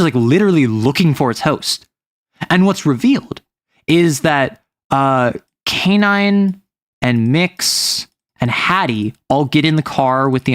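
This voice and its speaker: Rambling man with a bright voice. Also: a little high, dry recording, studio quality. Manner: rambling, heavy use of "like" as filler, self-correcting. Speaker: game master recounting a campaign. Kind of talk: casual chat.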